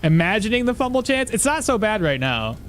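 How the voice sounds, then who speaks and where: A man's voice: high voice, sing-song, brisk, fairly bright tone, faint music behind. A man streaming a video game, chatting casually, thinking aloud and answering his chat as he plays. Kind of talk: live gameplay commentary.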